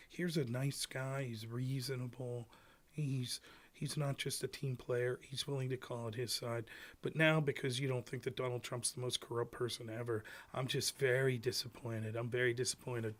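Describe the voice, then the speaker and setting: A whiny, soft-spoken former fan voiced by a man who sounds let down and mopes in a low, hushed tone. His sulky, mock-sincere delivery sits well below the speaker's usual voice. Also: fairly even intonation, normal speed, lightly acted. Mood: disappointed.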